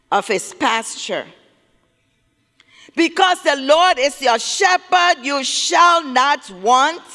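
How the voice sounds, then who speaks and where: Slow, high-voiced preacher man in a hall. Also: pushed and bright. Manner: emphatic, repeats key words, calls on listeners to respond. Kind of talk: sermon. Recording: long reverb of a large hall.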